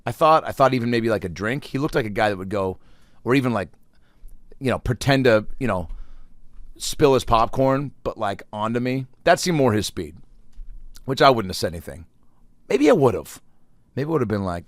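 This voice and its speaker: A man's voice: fairly low pitch, expressive, normal speed, pauses often, no echo, studio quality. A man in his thirties hosting a solo comedy podcast, telling rambling, profane stories and acting out the people in them. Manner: rambling, profane storytelling with acted-out quotes.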